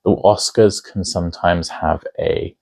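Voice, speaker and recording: A man's voice: deep voice, fairly even intonation, unhurried, gravelly, a little mellow. A man hosting a casual film review video, talking in a chatty, enthusiastic way with lots of asides. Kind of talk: casual opinionated film commentary.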